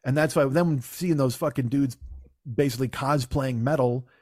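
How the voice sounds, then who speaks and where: A man's voice: mid-range voice, moderate pace, dry recording, studio quality. A man co-hosting a podcast in casual chat, telling stories with lots of swearing and mimicking people. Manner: profane, animated storyteller who mimics people. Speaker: podcast co-host.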